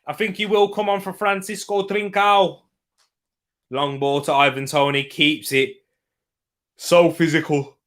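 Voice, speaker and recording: A young man doing live watch-along commentary of a football match, reacting loudly to chances and chatting to viewers. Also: a little high, fairly even intonation, a little slow, pauses often.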